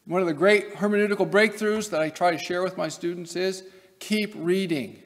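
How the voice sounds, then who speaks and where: A man's voice: sits high, fairly even intonation, moderate pace. A man from Nebraska giving an academic lecture as a seminary professor, emphatic, with wry asides. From Nebraska, USA. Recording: long hall reverb.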